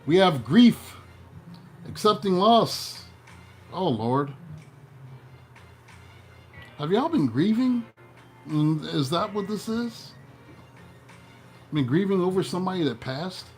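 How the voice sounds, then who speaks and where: A man giving a casual tarot reading, playful and animated, breaking into joking mock voices. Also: high voice, slow, long pauses, faint music behind. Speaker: tarot reader.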